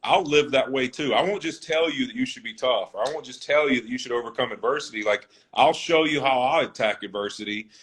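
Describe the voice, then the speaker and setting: A man's voice: mid-range voice, fairly quick, hardly any pauses, a bit bright. Earnest man telling a story. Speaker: NFL offensive lineman, guest. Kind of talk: conversational interview.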